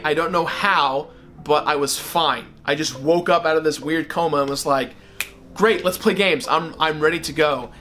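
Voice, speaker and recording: A man telling a personal story in a casual, animated way, with a few fillers. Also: fairly high pitch. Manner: animated, acts out family voices in his anecdotes. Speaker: guest gamer.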